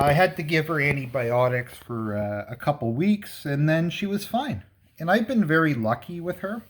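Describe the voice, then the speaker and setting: A man's voice: medium pitch, a little hiss or hum. A man chatting casually and rambling about his cat, laughing often and a little out of breath. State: slightly out of breath from coffee. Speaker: pet vlogger. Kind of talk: casual chat to camera.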